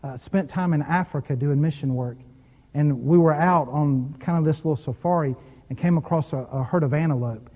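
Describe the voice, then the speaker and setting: A man's voice: on the high side, normal speed, darkish tone, long reverb tail, muffled recording. A man preaching a sermon, telling personal stories with quoted voices and laughing at times. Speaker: pastor.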